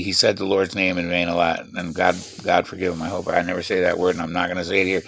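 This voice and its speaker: A man talking fast in a rambling, profane, digressive vlog monologue from his half-built shed at night. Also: sits low, level tone, gravelly, fairly bright tone, dry recording. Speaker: vlogger.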